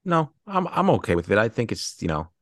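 A man's voice: on the low side, big pitch swings, fairly quick, no echo, studio quality. A man co-hosting a casual podcast, laid-back and profane. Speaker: podcast co-host. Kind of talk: casual recap chat.

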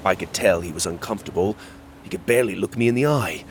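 A man narrating a children's fantasy story in the first person, with expressive storytelling. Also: sits low, quick pace, slight background noise.

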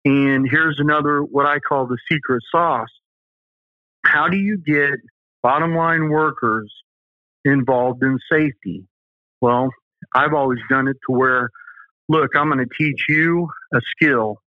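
An interview guest who owns a safety company spins folksy, emphatic stories in a Southern US accent. His mid-range voice is unhurried, and the tinny phone-like line has no room sound.

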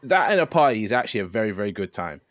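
A man's voice: lowish voice, big pitch swings, very fast, fairly bright tone, no room sound, studio quality. A man co-hosting a music podcast in casual, teasing banter. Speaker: podcast co-host. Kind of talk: casual chat.

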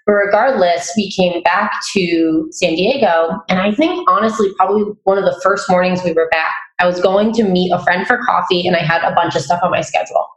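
A woman's voice: on the low side, fairly quick, hardly any pauses. Chatty woman in an echoey room. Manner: chatty, laughs often, animated storytelling. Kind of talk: casual chat.

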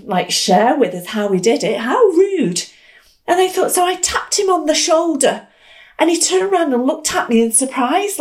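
A woman hosting a storytelling podcast, telling an animated tale with dramatic repetition and acted-out quotes. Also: sits high.

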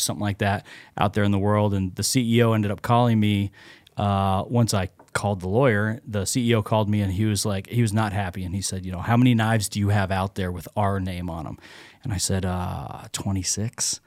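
A man's voice: on the low side, little pitch movement, fairly quick, dry recording, clean studio sound. A man in his thirties, a knife maker and podcast guest, telling rambling, self-deprecating stories in casual chat and laughing often.

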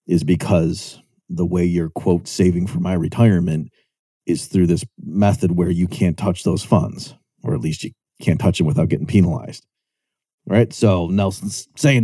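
In clean studio audio with no room sound, a man lectures on economics at normal speed, his dark voice slightly rough. His style is chatty and explanatory; he tosses out "right?" to listeners and raises his pitch when voicing quotes.

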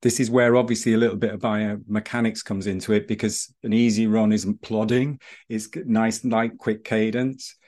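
A man who teaches breathing and running, telling stories in a relaxed podcast chat with many restarts. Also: fairly low pitch, moderate pace. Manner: storytelling, rambling with restarts.

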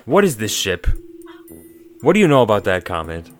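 Flustered man player, lower voice. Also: big pitch swings, moderate pace, soft background music. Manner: flustered, joking. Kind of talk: tabletop game chat.

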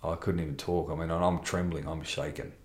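A man's voice: extremely low pitch, little pitch movement, brisk, roomy sound. A middle-aged man telling a candid personal testimony in conversation, blunt and rambling with restarts and mild swearing. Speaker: interview guest.

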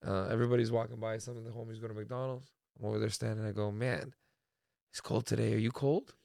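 A man from Canada co-hosting a casual podcast, telling stories in a lively way and swearing freely. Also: fairly low pitch, quick pace, creaky, no room sound, clean studio sound. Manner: storytelling, animated, swears freely. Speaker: podcast co-host.

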